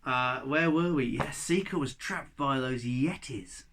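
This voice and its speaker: A man reading a children's book aloud with animated, expressive storytelling. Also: mid-range voice, a little slow, a little hiss or hum.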